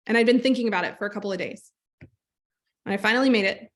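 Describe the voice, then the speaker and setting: A woman coaching a group on a call, telling a personal story in a lively, conversational way and speaking straight to her listeners. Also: medium pitch, rapid-fire. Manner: animated storytelling, acts out quoted voices; conversational, direct address to listeners. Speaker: trauma-informed business coach.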